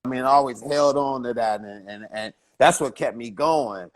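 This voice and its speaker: A comedian from Chicago telling stories in a casual interview, animated and laughing, repeating words as he builds a point. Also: mid-range voice, moderate pace, slight background noise. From Chicago, USA. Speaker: comedian guest.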